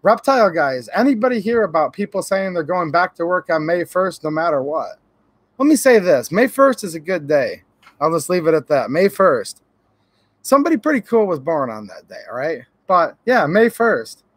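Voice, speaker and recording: A man's voice: fairly high pitch, sing-song, moderate pace, husky, dry recording. A man from Michigan hosting a casual livestream, greeting viewers by name and giving his opinions in a friendly way. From Michigan, USA. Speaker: YouTube channel host. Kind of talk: casual livestream chat reading viewer comments.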